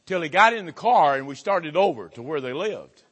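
Folksy pastor telling a story in a church. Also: male voice, on the high side, moderate pace, husky. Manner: folksy, animated storytelling with wide swings in loudness. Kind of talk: sermon with storytelling. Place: church sanctuary. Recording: hall reverb.

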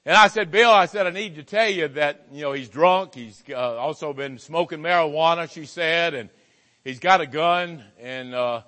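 Folksy pastor telling a story in a church. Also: male voice, a little high, moderate pace. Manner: folksy, animated storytelling with wide swings in loudness. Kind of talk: sermon with storytelling. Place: church sanctuary. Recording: hall reverb.

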